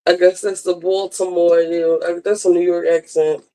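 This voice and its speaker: A woman co-hosting a livestream, chatting casually with a teasing, curious manner and quick questions. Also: fairly low pitch, dark tone, low-quality recording. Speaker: livestream co-host.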